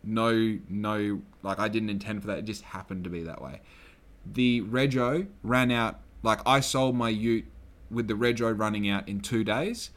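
A young Australian man hosting a solo podcast, telling a long story in a loose, swearing, animated way and acting out the people he quotes. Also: lowish voice, unhurried. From Western Australia. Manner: swears freely, acts out quoted people, gets loud when excited. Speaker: podcast host.

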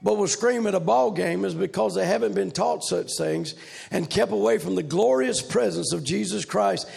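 A man preaching a revival sermon in a loud, rhythmic, shouting preaching cadence. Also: high-pitched, normal speed, vocal fry.

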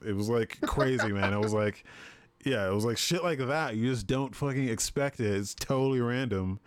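A man's voice: lowish voice, fairly quick, clear, resonant tone, no echo. A young man on a gaming podcast, telling a game story casually and swearing freely. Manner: swears a lot, animated storytelling. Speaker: podcast co-host.

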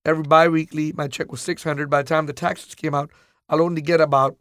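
A man telling a personal story in a casual interview, animated, acting out the people he quotes. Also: on the high side, fast, smooth, no echo, studio quality.

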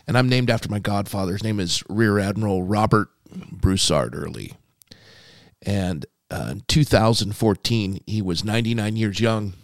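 A man's voice: on the low side, normal speed, no room sound, studio quality. A man, a pastor, telling a long personal story on a podcast and acting out a commanding old man's lines. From California.

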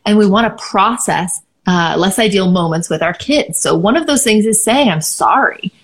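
A woman's voice: medium pitch, expressive, moderate pace, slightly rough. A woman co-hosting a parenting podcast, explaining ideas in a thoughtful, casual advice chat.

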